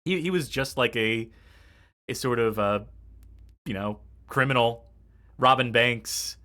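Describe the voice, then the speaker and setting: A man's voice: medium pitch, measured pace, pushed and bright. A man hosting a casual game stream, rambling with lots of fillers and self-corrections and chuckling often. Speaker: stream host.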